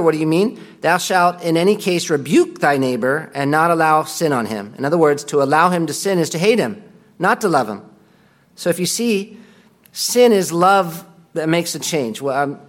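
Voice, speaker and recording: A man teaching a Bible class, his voice sitting a little higher than most men's. He talks in a conversational way, reading quotations aloud and stopping to comment on them. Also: animated, moderate pace.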